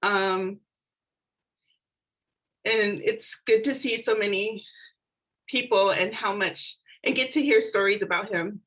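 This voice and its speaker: A woman speaking as a niece at a tribute on a video call, hesitant with many pauses and fillers. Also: medium pitch, a bit bright, poor audio. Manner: hesitant, many ums, light laughs.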